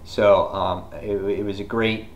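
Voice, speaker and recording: A man giving a casual, rambling comic book review, full of fillers and retelling scenes with sudden loud outbursts. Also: on the low side, little pitch movement, unhurried, highs cut off, a little hiss or hum.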